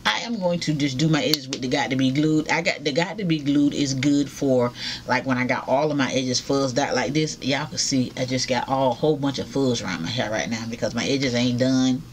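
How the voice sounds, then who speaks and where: Low-voiced chatty woman vlogger. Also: normal speed, slight background noise. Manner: chatty, folksy, addresses viewers as y'all. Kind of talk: casual chat to camera. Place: room at home with ceiling fan. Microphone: camera.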